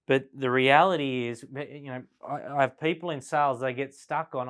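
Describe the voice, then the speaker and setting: A man's voice: mid-range voice, fairly even intonation, a bit bright. Conversational male sales trainer lecturing. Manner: conversational, frequent "right?" tag questions; slows down and varies volume to demonstrate tone. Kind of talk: classroom lecture at a flip chart.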